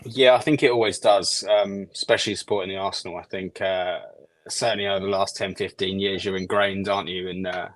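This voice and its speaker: A man speaking as a guest on a football chat, measured and hesitant with many ums. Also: low-pitched, steady tone. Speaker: guest fan.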